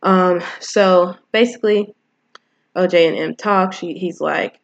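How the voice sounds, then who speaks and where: A woman's voice: lowish voice, fairly even intonation, measured pace, vocal fry, lo-fi sound. A woman casually retelling and reviewing a film, rambling with lots of fillers.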